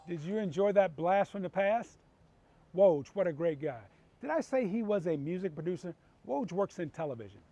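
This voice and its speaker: The host of a cooking show chats warmly and enthusiastically as he tastes his food, savoring it out loud. His voice is high and animated at a moderate pace. The sound is lo-fi, with faint music in the background.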